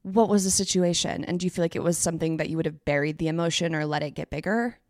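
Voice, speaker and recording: A woman's voice: sits low, fast, a little mellow, no room sound, studio quality. A young married woman hosting a podcast, talking in an effusive, filler-heavy way. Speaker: podcast host. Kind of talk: casual chat. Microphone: remote call.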